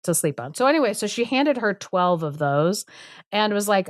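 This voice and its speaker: A woman co-hosting a podcast casually retells a fairy tale, full of "like" and sarcastic asides, acting out the characters' lines. She is very animated, with a medium-pitched voice at normal speed, recorded at studio quality with no echo.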